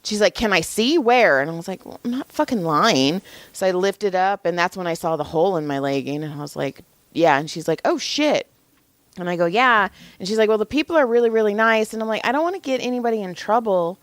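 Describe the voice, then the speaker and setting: A young adult woman co-hosting a podcast, telling a story in casual chat with lively acted-out quotes and frequent swearing. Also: mid-range voice, fast talker, dry recording. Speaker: podcast co-host.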